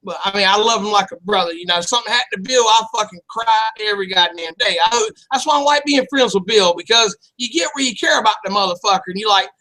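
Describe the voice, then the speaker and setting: A man's voice: sits high, fast, few pauses, bright, forceful tone, rough recording. A man co-hosting a casual wrestling podcast, rambling and joking crudely. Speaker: podcast co-host.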